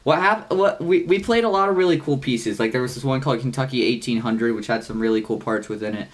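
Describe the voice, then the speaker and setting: A young man at an ordinary middle pitch co-hosts a casual podcast. He rambles through a story, swears freely and fills every gap with "like." His voice jumps upward in animated bursts. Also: quick pace. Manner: rambling, heavy use of "like", frequent swearing. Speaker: podcast co-host.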